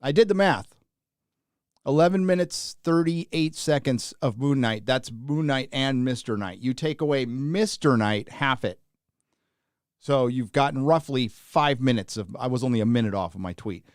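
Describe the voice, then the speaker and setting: A man's voice: medium pitch, expressive, normal speed, no echo, clean studio sound. A tired man hosting a livestream, chatting casually and rambling as he reads out viewer names. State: tired, running on little sleep. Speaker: livestream host.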